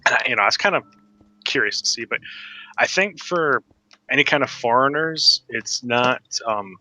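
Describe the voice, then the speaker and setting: A man's voice: mid-range voice, animated, normal speed, pushed and bright. A man playing a game with friends, telling a rambling story in a casual, laid-back way. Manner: rambling, lots of fillers and restarts, laughs. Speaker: co-player.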